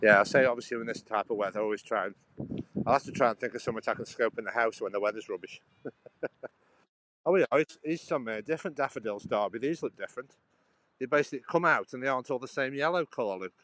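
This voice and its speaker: A man's voice: medium pitch, racing, noisy background. A man hosting a casual live walking stream outdoors by a canal, rambling and chatting to his viewers by name as he holds his phone. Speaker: livestream host.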